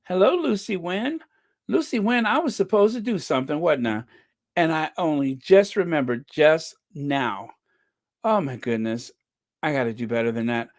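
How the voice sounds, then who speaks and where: A man's voice: a little high, normal speed, no room sound, clean studio sound. A man hosting a casual live stream, greeting viewers by name and chatting with jokey asides.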